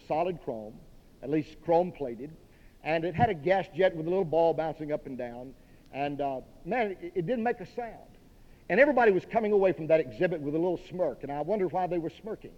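A man's voice: a little high, a little mellow. A man from Dallas, preaching a sermon in a direct, emphatic, folksy way. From Dallas, Texas. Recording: dull long-reverb hall recording.

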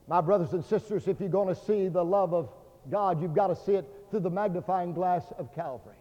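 A man's voice: high-pitched, brisk. Man, Baptist preacher, fervent sermon, dull lo-fi recording. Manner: fervent preaching with dramatic swings from loud declarations to hushed tones. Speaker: Baptist pastor. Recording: dull lo-fi sermon recording with long hall reverb.

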